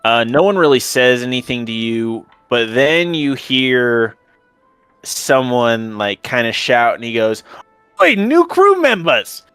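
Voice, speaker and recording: Male game master with a clear, dry voice and easygoing narration. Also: mid-range voice, unhurried, a bit bright, dry recording, soft background music. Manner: casual, filler-heavy narration.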